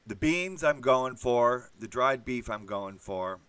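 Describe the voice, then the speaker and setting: A man's voice: mid-range voice, lively intonation, takes it slowly, pushed and bright, clean tone, no echo. A man hosting a casual monologue, rambling and swearing, with many fillers. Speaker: host.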